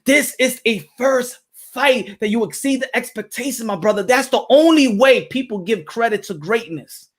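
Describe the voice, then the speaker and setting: A man hosting a boxing channel, lecturing in an emphatic, preachy monologue that repeats his points and sometimes shouts. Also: very high-pitched, expressive, moderate pace. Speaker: boxing commentator and channel host. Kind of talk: animated monologue skit.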